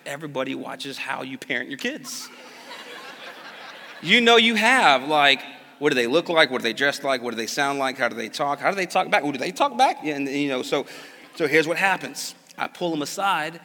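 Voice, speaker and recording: A pastor telling a family story in a sermon, animated and jokey, moving between hushed asides and loud bursts. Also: male voice, a little high, slight background noise. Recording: long reverb of a large hall.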